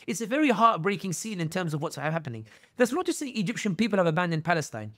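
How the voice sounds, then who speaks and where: A man with a raised, fairly high speaking voice talks as a podcast guest, close and dry on a studio mic. He tells his stories with strong feeling and slips into the voices of the people he quotes. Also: fast talker, hardly any pauses, no room sound. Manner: animated storyteller, acts out quoted voices. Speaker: guest commentator. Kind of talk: podcast interview.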